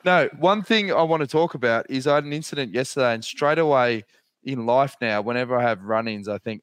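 An Australian man co-hosting a podcast, telling a story in a casual, swearing, animated way. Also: mid-range voice, fairly quick, clear, resonant tone, no echo. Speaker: podcast co-host.

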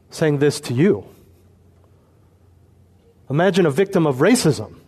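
A man preaching an expository sermon, earnest and emphatic, slowing down to stress key points. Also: on the high side, darkish tone. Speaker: pastor.

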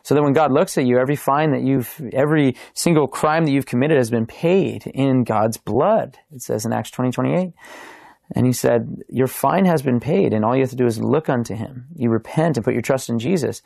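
A young man, a podcast guest, telling his faith testimony in a casual, animated way, acting out the lines of the people in his story. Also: mid-range voice, brisk, gravelly, no echo, clean studio sound. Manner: animated, acts out quoted dialogue.

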